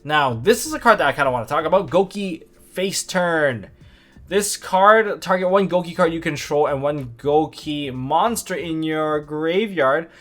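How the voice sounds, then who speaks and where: Animated man breaking down card game sets. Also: a little slow. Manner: animated, jumping between excited highs and low asides; sarcastic asides. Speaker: card game video host. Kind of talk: casual analysis commentary.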